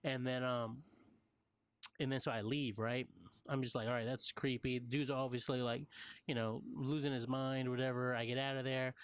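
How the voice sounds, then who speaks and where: A young man tells a story casually, wandering through it with plenty of fillers. His voice is smooth and clear at a middling pitch, recorded dry and close with no room sound. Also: little pitch movement, normal speed, no room sound. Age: young adult. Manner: rambling, full of fillers like "like" and "uh". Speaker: college student recounting a dream.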